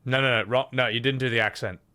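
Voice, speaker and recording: A man streaming live, arguing with an AI chatbot, excitable and quick to shout with laughter and swear. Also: mid-range voice, clean tone.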